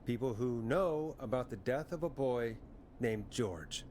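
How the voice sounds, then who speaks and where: An actor playing a calm, patient late-night radio DJ in a video game. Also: male voice, medium pitch, measured pace, slight background noise, natural voice. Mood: soothing.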